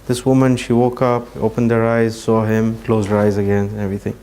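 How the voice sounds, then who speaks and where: A man giving a religious talk, telling a story earnestly and slowing down for emphasis. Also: fairly low pitch, completely flat delivery, mellow, a little hiss or hum. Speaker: Islamic speaker.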